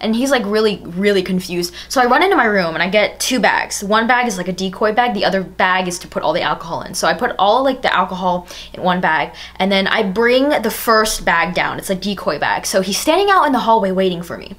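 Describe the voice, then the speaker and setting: A woman's voice: medium pitch, animated, brisk, few pauses, fairly bright tone. A young woman telling a personal story in a casual vlog, chatty and full of "like.". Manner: chatty, fillers of "like" throughout. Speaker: storytime vlogger.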